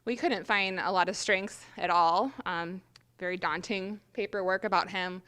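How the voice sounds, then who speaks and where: A woman teacher presenting her group's plan to a workshop, earnest with frequent pauses. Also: lowish voice, fairly even intonation, bright, forceful tone, smooth.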